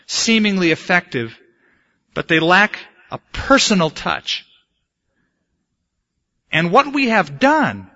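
Guy preaching a sermon, bright voice, chatty then punchy, kinda muffled lo-fi recording. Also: fairly high pitch. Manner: conversational preaching with anecdotes, rising to emphatic bursts. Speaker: pastor.

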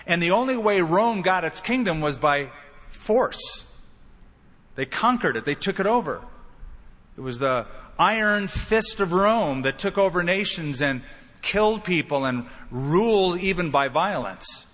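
A pastor preaches with emphasis, his fairly high voice jumping up whenever he acts out a quoted line. His words ring through a large hall with a long, trailing reverb. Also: expressive, unhurried, fairly bright tone. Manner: emphatic preaching, acting out quoted lines with rising pitch. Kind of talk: sermon.

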